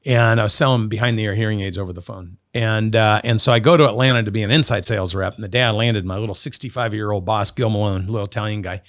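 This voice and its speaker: This lowish-voiced, fast-talking man barely pauses as he tells stories in an interview, where he's a middle-aged business guest from Oregon, USA. He animatedly acts out the dialogue he quotes, and the studio sound is clean, with no echo.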